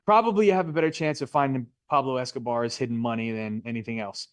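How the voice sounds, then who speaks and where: A man's voice: mid-range voice, fast talker, dry recording, clean studio sound. A middle-aged man teaching a live real estate license class in a Florida classroom, chatty and jokey, often quizzing his students.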